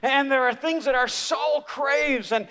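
A man preaching a sermon as an animated, humorous storyteller. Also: extremely high pitch, measured pace. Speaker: speaker. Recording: reverberant live hall.

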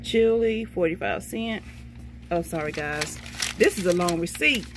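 A woman's voice: fairly low pitch, a little slow, background noise. A middle-aged woman, chatting casually through her shopping haul and reading each price off a receipt. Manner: chatty, folksy, says "okay, baby" to herself. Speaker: vlogger showing a shopping haul.

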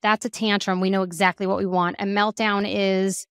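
Animated woman explaining, dry close sound. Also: mid-range voice, normal speed, smooth, dry recording. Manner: animated, acts out quoted voices, frequent "like". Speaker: guest expert on child emotional regulation; mother of two. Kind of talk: conversational podcast interview.

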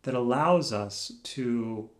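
A man sits alone in a room and muses aloud in an unhurried, reflective vlog. His speech is slow and halting, full of searching pauses and phrases that fade off quietly. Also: medium pitch. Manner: soft-spoken, trailing off quietly. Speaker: vlogger.

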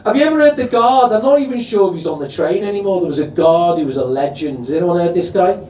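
Scouse stand-up compere, male, high bright-ish voice but mellow tone, heard from a distance in an echoey club. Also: animated, fast, a little hiss or hum. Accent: Liverpool. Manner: swearing, chatty, crowd-teasing. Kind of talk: stand-up comedy set. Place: live comedy venue.

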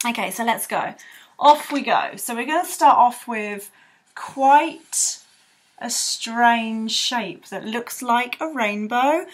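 A woman's voice: on the high side, expressive, slow pace. A young woman teaching children to draw in a bubbly, rambling way with playful sound effects. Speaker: art tutor. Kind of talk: drawing tutorial for children.

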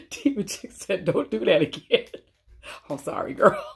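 A woman's voice: mid-range voice, big pitch swings, takes it slowly, gravelly. Playful woman reading a picture book. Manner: playful, laughing, chatty asides to kids. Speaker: storybook reader for children.

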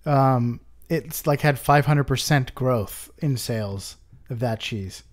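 A man's voice: mid-range voice, slow pace. A man co-hosting a podcast who presents animal facts in casual chat. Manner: informative, leads with facts. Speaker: podcast co-host.

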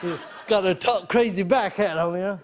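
A man's voice: sits high, moderate pace, background noise. A man doing a stand-up routine on a studio stage, telling a story in a laid-back way with punchy quoted voices. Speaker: stand-up comedian. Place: studio stage before a live audience. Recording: live stage mic with loud audience. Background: audience laughter.

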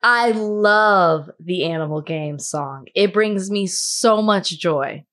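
A woman from Dallas co-hosting a podcast, teasing her partner with quick retorts and frequent laughs. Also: medium pitch, fairly bright tone. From Dallas, Texas. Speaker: podcast co-host. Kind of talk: casual chat.

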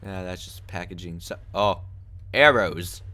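A man doing let's play commentary on a horror game, jokey and muttering, breaking into panicked yelling when scared. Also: low voice, a little slow.

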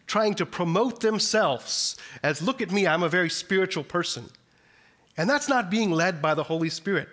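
A man's voice: on the high side, a bit bright. A man, a missionary, giving an earnest chapel sermon with frequent restarts. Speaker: missionary speaker.

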